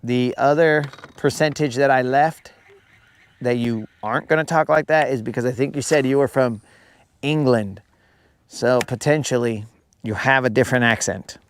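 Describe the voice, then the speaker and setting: A man's voice: medium pitch, normal speed. A man hosting a live fishing stream, chatting casually with viewers and trading teasing jokes full of slang.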